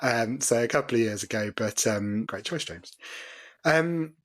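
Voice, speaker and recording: A man's voice: mid-range voice, expressive, measured pace, a bit bright. A man co-hosting a casual podcast, rambling and self-deprecating with lots of hesitations. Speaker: podcast co-host.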